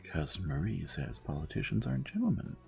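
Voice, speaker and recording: A man reading aloud voices a gentle, earnest young woman in a storybook. She talks sincerely and mildly, her lines pitched higher than the narration. Soft music plays behind. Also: wildly swooping pitch, fairly quick, gravelly, exaggerated voice. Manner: sincere, mild. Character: earnest, meek young American woman, kindly.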